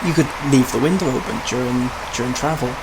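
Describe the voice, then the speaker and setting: Speaking fast in a mid-range voice, a man chats casually over a train simulator, drifting through stories and laughing at himself. The game's engine and rail noise can be heard behind his voice.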